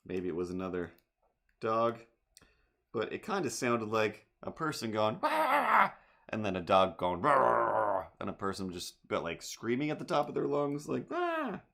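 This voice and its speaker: A man's voice: lowish voice, lively intonation, moderate pace. A man streaming live as he draws, rambling and muttering playfully to himself as he works. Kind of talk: casual live-stream chatter.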